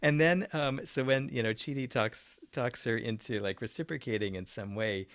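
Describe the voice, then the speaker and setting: A podcast co-host in casual chat, animated and playful, laughing while recounting scenes. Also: mid-range voice, moderate pace, no room sound, clean studio sound.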